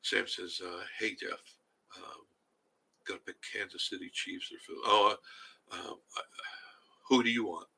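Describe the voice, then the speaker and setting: An older man hosting a casual live stream, reading viewer comments and chatting in a rambling way with a husky voice. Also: sits low, fairly even intonation, a little slow, long pauses, bright, forceful tone, poor audio. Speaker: livestream host reading chat.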